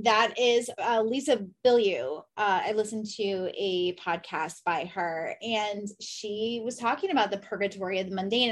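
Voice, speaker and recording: A woman guest on a podcast in casual conversation, reflective and working through questions aloud. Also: mid-range voice.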